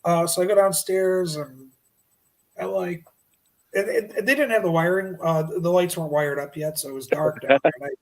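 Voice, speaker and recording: A middle-aged man telling a paranormal story as a podcast guest, lively and animated, acting out his own shouts. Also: high voice, normal speed, low-quality recording.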